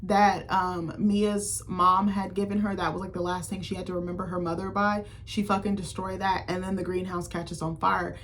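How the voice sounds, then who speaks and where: A woman's voice: lowish voice, little pitch movement, moderate pace, few pauses, a bit bright, slight background noise. A woman giving a casual, profane film recap as a critic vlogger, full of fillers like "like" and "um". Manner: chatty, profane, heavy on fillers like "like" and "um".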